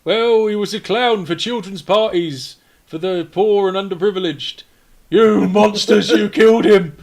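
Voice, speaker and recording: A man voicing a male cultist who loudly mourns a fallen comrade in a mock-tragic lament. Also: sits high, a little slow, voice pushed up. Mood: mock grief.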